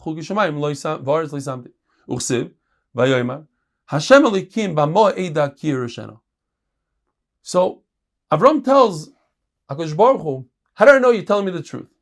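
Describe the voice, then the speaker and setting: A middle-aged man, a rabbi teaching a Talmud lesson, reading Hebrew and Aramaic passages and explaining them in English with lively emphasis. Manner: animated, jumps in pitch and volume for emphasis.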